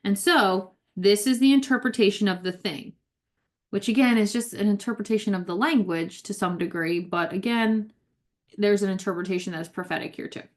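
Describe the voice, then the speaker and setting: A woman leading a Bible study, explaining scripture in a relaxed, conversational way and slowing down to read verses aloud with emphasis. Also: mid-range voice. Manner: conversational, keeps asking "right?", reads scripture aloud slowly with emphasis. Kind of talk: casual Bible study teaching.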